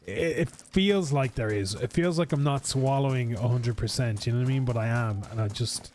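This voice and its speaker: A man chats through a casual game stream, rambling and joking with friends and his chat. His voice sits at an ordinary middle pitch. A faint noise runs under the recording. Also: fairly quick, a little mellow.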